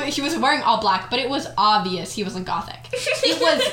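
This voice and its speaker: A woman's voice: on the high side, lively intonation, normal speed, a bit bright, slight background noise. A young woman co-hosting a casual podcast, reading a fanfic aloud in a giggly, mock-dramatic way with frequent laughs. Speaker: podcast co-host. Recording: echoey room on a home mic.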